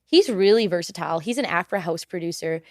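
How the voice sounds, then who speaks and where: A woman's voice: lowish voice, fast talker, no room sound. A young woman with an American accent, a singer chatting casually as a studio podcast guest, who laughs often. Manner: chatty, laughs often, repeats thank you. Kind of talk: casual interview chat.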